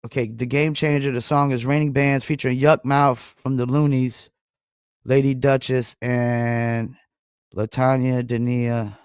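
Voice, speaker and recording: A man's voice: medium pitch, level tone, measured pace, darkish tone, clear, resonant tone, no room sound, studio quality. Laid-back rambling Southern man host. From North Carolina. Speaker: music review show host. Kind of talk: casual livestream commentary.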